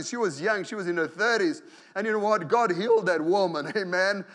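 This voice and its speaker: A man with a high-pitched voice preaches a sermon from a church pulpit. He is animated and acts out prayers and inner thoughts in different voices. His phrases often stumble, repeat and restart. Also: brisk. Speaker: pastor.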